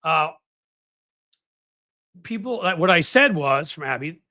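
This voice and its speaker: Scornful man, bright dry voice. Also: on the high side, very animated, takes it slowly, no echo. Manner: mocking, quotes others in put-on voices. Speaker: political commentary host. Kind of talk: casual political commentary.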